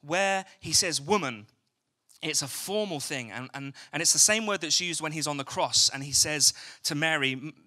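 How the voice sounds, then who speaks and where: Preaching an evening sermon in a church hall, a young man from England keeps things chatty, joking and asking the crowd questions. His voice is on the high side and expressive, with a sharp tone and a moderate pace.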